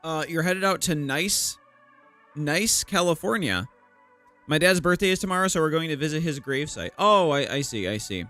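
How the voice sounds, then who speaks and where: A man's voice: a little high, animated, normal speed, bright, forceful tone, soft background music. A young man streaming his art live, chatting casually with viewers into a desk microphone, greeting them and cracking self-deprecating jokes.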